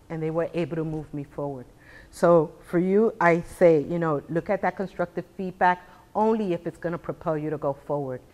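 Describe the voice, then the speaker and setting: A woman in her sixties giving a live talk to small business owners, asking rhetorical questions and acting out what others say. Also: lowish voice. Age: 60s. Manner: animated, rhetorical questions, acts out quotes. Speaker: speaker.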